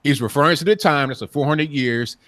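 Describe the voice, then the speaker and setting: A man's voice: fairly high pitch, brisk, fairly bright tone. A man co-hosting a casual debate, firmly restating his reading of a quote. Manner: insistent, firm, restates his point. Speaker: podcast co-host.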